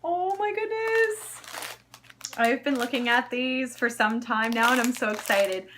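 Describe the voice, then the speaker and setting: Gushing high-voiced young woman. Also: fairly even intonation, normal speed, noisy background. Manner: gushing, squealing over cute items. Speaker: cosplay vlogger. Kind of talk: unboxing video.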